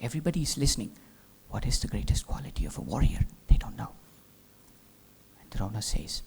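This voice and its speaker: A man giving a spiritual talk as a teacher, telling a legend as an animated storyteller who drops into hushed whispers. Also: mid-range voice, fairly quick, gravelly, long pauses. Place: live talk venue.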